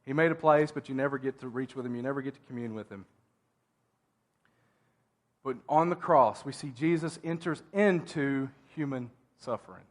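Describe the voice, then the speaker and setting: Man preaching a conversational sermon. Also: medium pitch. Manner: conversational preaching with asides and restarts. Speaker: pastor. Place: church.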